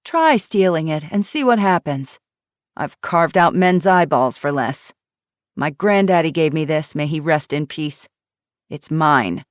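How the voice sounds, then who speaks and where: A cocky, tough young woman fighter, as the narrator plays her, warns in a defiant, threatening drawl. The voice sits low and the sound is dry. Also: expressive, a little slow, dry recording.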